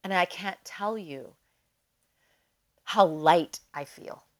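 A woman guest on a podcast, telling a personal story in a casual, animated way and leaning often on "like". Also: lowish voice, slow pace. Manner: animated, emotional storyteller who leans on "like".

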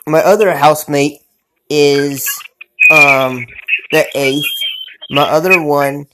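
A man's voice: on the high side, background noise. A man with a Southern US accent hosting a casual phone-in chat show, easygoing and drawling. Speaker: podcast host.

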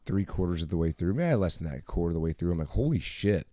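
A man's voice: sits low, very fast, mellow, dry recording. A man co-hosting a podcast in casual chat, sarcastic and heavily profane. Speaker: podcast co-host.

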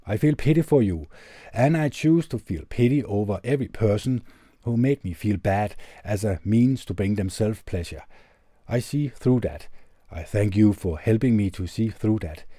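A man hosting a podcast, reading a heartfelt letter aloud and then reflecting on it in an earnest, measured, gentle way, into a tube condenser studio mic. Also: lowish voice, no room sound. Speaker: podcast host.

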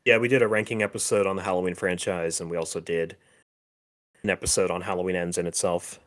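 A man with a fairly low voice co-hosts a podcast in easy conversation. He hesitates constantly, restarting his sentences and chuckling between thoughts. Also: level tone, a bit bright. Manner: halting, many fillers and restarts, laughs often. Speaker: podcast co-host. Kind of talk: casual chat.

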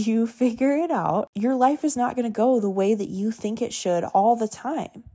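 A woman's voice: medium pitch, mellow. A woman in her twenties hosting a solo podcast, speaking in an earnest, heartfelt and frank way with some casual swearing. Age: 20s. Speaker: podcast host. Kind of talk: candid solo podcast talk.

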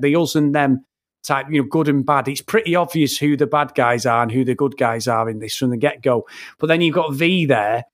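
A man, co-hosting a casual film review podcast, talking in an animated, sweary, rambling way. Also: medium pitch, no echo, clean studio sound. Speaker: podcast co-host.

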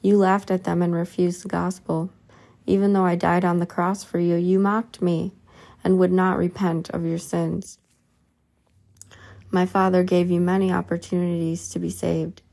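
A woman's voice: fairly low pitch, little pitch movement, normal speed, vocal fry, a little mellow. A woman reading aloud the words of Jesus, a sorrowful but stern grown man, in her own plain voice. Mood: solemn.

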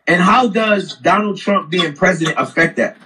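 High-voiced skeptical man, off-mic. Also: moderate pace, pushed and bright. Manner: skeptical, keeps asking why. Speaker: debater. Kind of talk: heated casual argument. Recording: distant mic.

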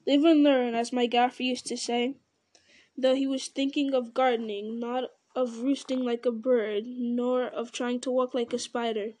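A woman's voice: a little high, level tone, measured pace, darkish tone, lightly acted. A woman reading aloud the lines of a homely, plain-spoken male hobbit gardener. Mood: relieved.

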